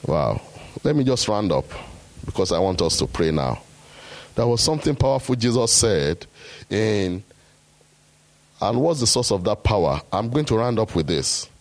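A man preaching a sermon, rising to loud, high exhortation and quoting scripture. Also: very animated, normal speed, long pauses.

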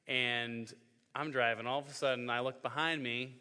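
A man's voice: mid-range voice, a little fast, bright, forceful tone. A young man in his twenties giving a joking sermon to a youth group, telling stories and acting out voices. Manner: joking storytelling, acts out voices. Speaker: youth pastor. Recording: hall reverb.

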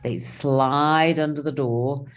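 Low-voiced woman telling a story. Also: takes it slowly. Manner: animated, acts out her own and others' lines. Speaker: guest telling a travel story. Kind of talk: casual conversational storytelling.

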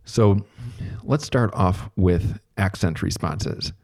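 A man giving a relaxed, conversational recorded lecture as a therapy instructor, thinking aloud as he explains. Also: deep voice, slow pace.

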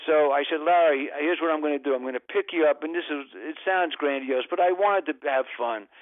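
As a podcast guest, a man rambles through long comic anecdotes, interrupting himself in casual storytelling. His voice is fairly high and a little fast, with no echo and narrow, tinny audio.

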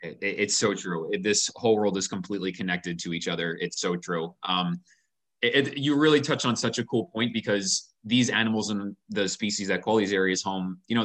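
A passionate man in a relaxed sit-down interview. His voice sits low but rings bright and forward. He talks earnestly and often doubles the first word of a thought. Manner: earnest, passionate, repeats words when starting sentences. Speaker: company founder, guest. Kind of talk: casual interview conversation.

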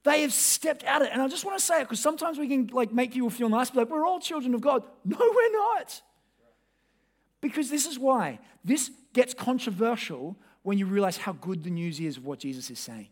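A man with a high-pitched voice preaches a sermon from the pulpit. He talks conversationally and directly to his congregation, pressing hard on some points and dropping to a near hush on others. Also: brisk, few pauses. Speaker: pastor.

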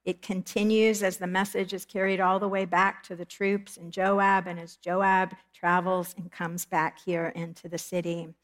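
A middle-aged woman giving a Bible study lesson in an earnest, measured way, reading scripture aloud and explaining it. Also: lowish voice, flat delivery. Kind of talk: Bible teaching lecture.

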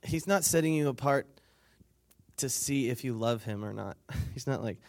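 At medium pitch and normal speed, a man speaks at a weekend retreat, giving the crowd a conversational sermon. He reads scripture aloud, then retells it in his own casual way, playing out the story's people, laughing along, and getting listeners to answer back with lines.

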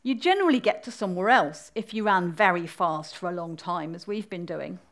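A woman's voice: fairly low pitch, lively intonation, brisk, voice pushed down. A woman doing a puzzled polite young girl. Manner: polite, wondering questions.

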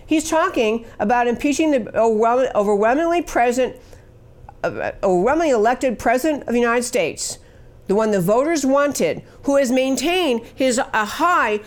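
A woman's voice: fairly high pitch, lively intonation, normal speed. Emphatic woman hosting political commentary. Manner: emphatic and scornful, many fillers. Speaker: talk show host.

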